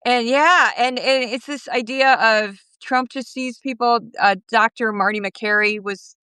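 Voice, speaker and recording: Bright-voiced animated middle-aged woman. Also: a little high, clear, resonant tone, no room sound. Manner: animated, quick, laughing asides. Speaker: podcast guest. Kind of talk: casual interview chat. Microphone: phone.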